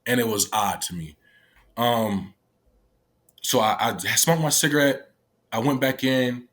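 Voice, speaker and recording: A man giving a candid personal account of his time as a youth detention worker, halting and restarting often and swearing freely. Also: mid-range voice, expressive, fairly bright tone. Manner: profane, halting speech with many restarts.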